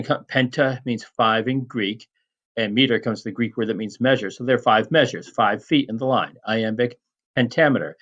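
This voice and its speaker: A man teaching Latin poetic meter in a recorded lecture, measured and prone to restarts and fillers. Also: mid-range voice, dull audio.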